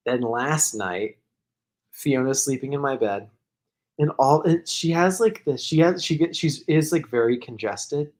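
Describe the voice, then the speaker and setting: A man co-hosting a podcast, telling a long casual story that rambles, full of "like" fillers. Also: mid-range voice. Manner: rambling, heavy use of "like", laughs while telling. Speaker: podcast co-host.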